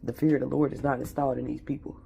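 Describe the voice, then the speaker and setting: Gravelly-voiced man venting about faith. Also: mid-range voice, flat delivery, rapid-fire, dark tone, slight background noise. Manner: reflective, repetitive, street-slang religious talk. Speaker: vlogger. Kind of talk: emotional spiritual venting monologue.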